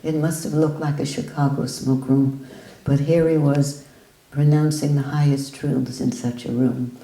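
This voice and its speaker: A woman giving a spiritual talk in an ashram hall, telling an anecdote in a slow, storytelling way. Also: rumbling low, flat delivery, dark tone. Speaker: spiritual speaker. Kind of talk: talk with readings.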